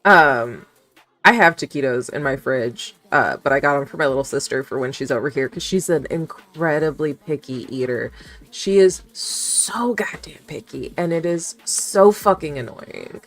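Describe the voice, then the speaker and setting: A woman's voice: very deep voice, moderate pace, a bit bright. A young woman streamer chatting casually with her chat, rambling, giggling often and swearing offhand.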